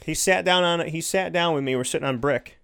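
A man's voice: a little high, brisk, gravelly, fairly bright tone, clear, resonant tone. A man giving an earnest, heartfelt motivational monologue, repeating his points for emphasis.

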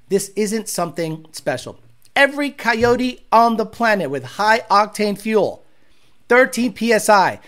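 A man's voice: high-pitched, fairly bright tone. A man hosting a car-tuning talk show, ranting bluntly and profanely with sarcastic asides. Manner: mocks others with exaggerated voices. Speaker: host.

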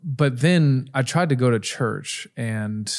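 A middle-aged man hosting an interview, telling his story in a candid, animated way with frequent asides. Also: medium pitch, slow. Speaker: podcast host. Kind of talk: casual conversational interview.

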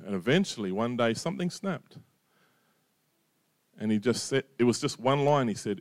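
A man's voice: medium pitch, lively intonation, moderate pace, pauses often, no echo, studio quality. A middle-aged man preaching a sermon in a conversational way, often checking in with "right?" and "you know". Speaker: pastor.

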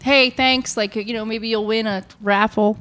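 A woman co-hosting a podcast, telling stories with quick laughs in a casual chat at a coffee shop. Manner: chatty storyteller, quick laughs, animated pitch. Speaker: podcast co-host. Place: coffee shop after hours with live audience.

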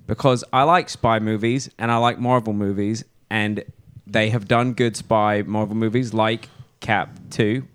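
A man's voice: lowish voice, fairly even intonation, measured pace, smooth. A man chatting casually about films, opinionated and rambling with many fillers. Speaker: podcast co-host. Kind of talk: casual movie chat.

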